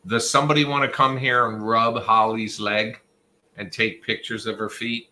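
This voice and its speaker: A man's voice: fairly low pitch, little pitch movement, moderate pace, bright, forceful tone, a little hiss or hum. A man hosting a casual livestream chat, teasing and joking with his viewers. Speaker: livestream host.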